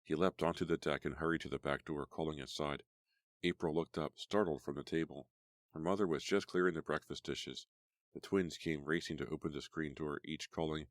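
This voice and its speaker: A man narrating a horror audiobook in a measured, steady way. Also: a bass voice, no echo, studio quality.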